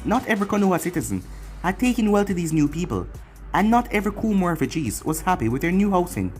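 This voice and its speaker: Fanfic narrator reading an anime story, pitch all over, soft music under it. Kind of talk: fan fiction reading.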